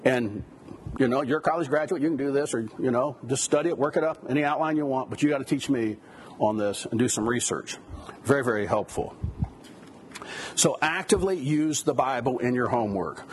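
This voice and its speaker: A man's voice: mid-range voice, a little fast, slight background noise. A man giving a conversational lecture on biblical counseling, with rhetorical questions and asides. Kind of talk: classroom lecture.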